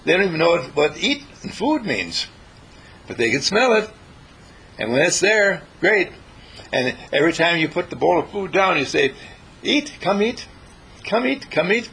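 A man with a husky voice giving a spiritual talk, playful and questioning, asking his listeners things. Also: very animated, normal speed, bright, forceful tone, low-quality recording. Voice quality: husky and gravelly. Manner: playful, questioning, with big swoops in pitch.

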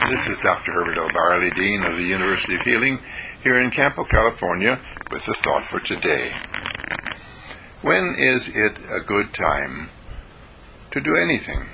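A man giving a short daily inspirational talk as a university dean, telling a story, often chuckling and clearing his throat. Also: low voice, lively intonation, brisk, noisy background.

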